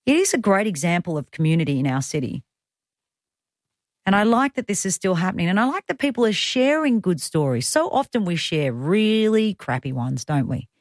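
An Australian woman hosts a radio show, chatting and tossing in self-deprecating asides. Her voice sits a little low for a woman. The studio sound is close and dry. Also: darkish tone, no room sound. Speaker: radio host. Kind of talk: talkback radio chat.

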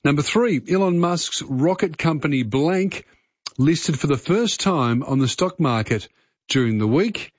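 A man's voice: a little high, lively intonation, measured pace, no room sound, muffled recording. A middle-aged Australian man hosting a casual radio quiz, chatty and full of uh fillers. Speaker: radio host.

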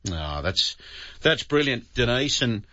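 An Australian radio host chats easily with callers, friendly and quick to call them mate. His voice is bright and forceful. The broadcast sound is a little dull. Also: mid-range voice, big pitch swings. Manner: chatty, friendly, says mate often. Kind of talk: talkback radio chat.

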